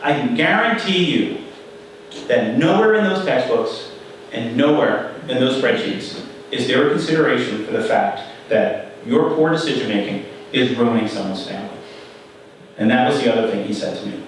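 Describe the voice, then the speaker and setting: A middle-aged man giving a conference talk, telling a story in a conversational, animated way and acting out the people in it. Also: mid-range voice, normal speed, a little hiss or hum. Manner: conversational, animated retelling with quoted voices. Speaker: conference speaker. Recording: echoey hall from far off.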